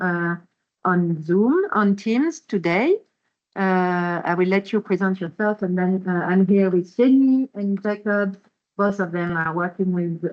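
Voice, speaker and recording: French-accented woman in a muffled meeting. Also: medium pitch. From France. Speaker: staff member introducing a meeting. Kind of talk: hybrid meeting introduction. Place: meeting room. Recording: muffled meeting-room recording.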